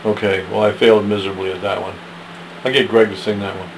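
A man's voice: lowish voice, flat delivery, fast talker, creaky, slight background noise, poor audio. A man practicing readings aloud, muttering self-deprecating asides between attempts. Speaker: amateur reader of verses.

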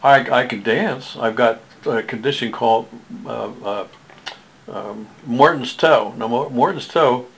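A man's voice: mid-range voice, a bit bright, poor audio. A man in his seventies talking in a rambling, casual monologue, full of jokes at his own expense and wandering asides. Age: 70s. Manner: joking, self-mocking, wandering asides.

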